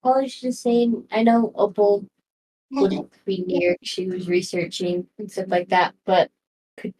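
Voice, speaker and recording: Mellow, tentative woman player. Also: medium pitch, flat delivery, measured pace, rough recording. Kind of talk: tabletop game chat.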